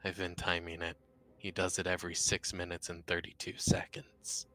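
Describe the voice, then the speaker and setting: A man voicing a calm, dry-humored man with polite, measured speech. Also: low voice. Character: calm, wry adult man, a martial artist.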